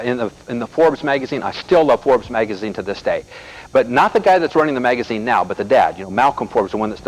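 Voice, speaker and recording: A middle-aged American man delivers a motivational seminar talk, animatedly telling stories and addressing the audience directly. His voice is on the low side, and the audio quality is poor.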